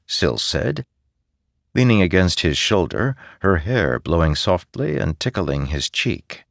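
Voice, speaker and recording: A man narrating a fantasy audiobook in a measured, expressive way. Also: a bass voice, gravelly, dry recording, studio quality. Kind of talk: scripted narration.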